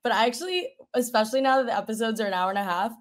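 A woman's voice: fairly high pitch, lively intonation, rapid-fire. Brief: female podcast guest, chatty, lots of "like" fillers, easy laughter. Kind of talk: casual podcast chat.

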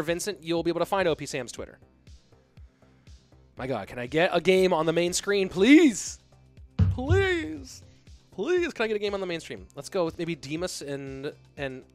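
A man hosting a live stream, rambling and joking casually as he talks straight to his viewers from his home setup. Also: fairly high pitch. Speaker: stream host and caster.

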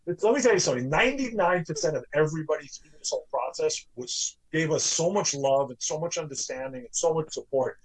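A man's voice: on the high side, fast, hardly any pauses, husky, poor audio. A man who owns a small business, a guest in a casual interview, telling stories animatedly and often repeating his words. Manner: animated storyteller, repeats himself.

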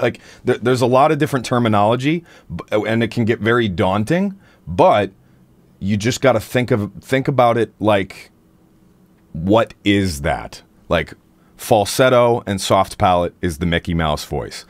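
A man's voice: animated, moderate pace, no echo. A man hosting a casual livestream about singing technique, rambling and playful with lots of fillers. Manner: rambling, playful, drops into silly high demo voices. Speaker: singer and stream host.

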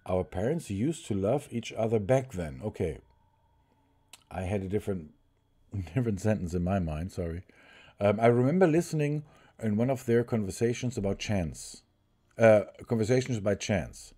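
A man streams a story game live, reading its text aloud haltingly, restarting lines and chatting with viewers between passages. His voice is on the low side, mellow and husky, with lively intonation.

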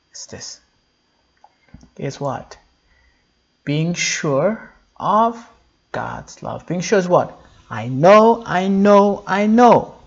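Slow husky man preaching to kids. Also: fairly high pitch. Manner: slow, repetitive, animated with call-and-response questions. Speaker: children's pastor. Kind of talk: simple sermon for children. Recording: dull lo-fi sound.

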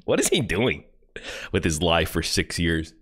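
A man's voice: deep voice, big pitch swings, measured pace, a bit bright, husky. A man streaming live, reacting to a video in an angry, taunting, profane rant.

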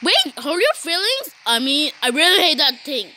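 Very high-pitched giggly woman gamer. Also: big pitch swings, moderate pace, bright, forceful tone, a little hiss or hum. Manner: giggly, says "beep" in place of swear words. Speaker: gaming YouTuber. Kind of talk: playful gameplay commentary with character banter.

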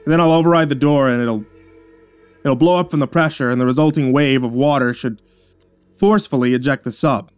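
A man voicing a curt, sarcastic male engineer in a spoken horror story, his voice pitched a little above his narration. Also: a little fast, clean tone, no room sound, soft background music, natural voice. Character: sarcastic gruff male engineer, middle-aged.

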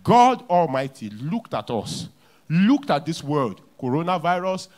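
Man, Nigerian English accent, pastor's sermon, lively up-and-down pitch, fairly high voice, repeats his points. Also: unhurried. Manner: emphatic, repeats lines, swings from hushed to loud. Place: church.

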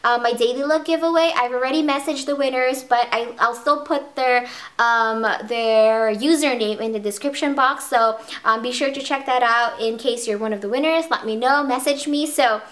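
Bubbly high-voiced young woman vlogger. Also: normal speed, a bit bright. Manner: bubbly and gushing, many ums and restarts. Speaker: beauty vlogger. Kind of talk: casual monthly favorites vlog.

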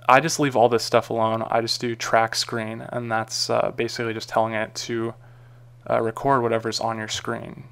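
Man, tutorial narrator; gravelly, smooth tone, loose rambling delivery. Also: mid-range voice, fairly bright tone. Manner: casual, rambling, frequent ums and uhs. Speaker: tutorial maker. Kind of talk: screen-recorded software tutorial.

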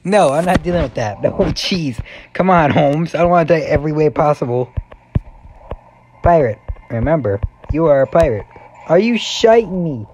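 A young man giving excitable let's-play commentary, yelping and muttering to himself as he plays. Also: a little high, normal speed, a little hiss or hum. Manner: excitable, yelps and mutters to himself while playing. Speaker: gaming YouTuber.

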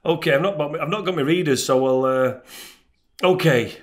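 A man's voice: on the high side, moderate pace. A man co-hosting a podcast, telling stories in casual chat, laughing often and restarting his sentences. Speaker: podcast co-host.

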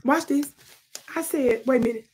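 A woman's voice: high voice, moderate pace, darkish tone, slight background noise. A middle-aged woman giving emphatic, casual commentary to camera, talking straight to her viewers. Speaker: political commentary vlogger.

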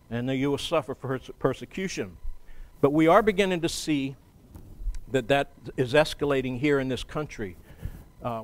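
A man preaching a sermon as pastor in a church, in a measured, conversational way with frequent pauses. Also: medium pitch.

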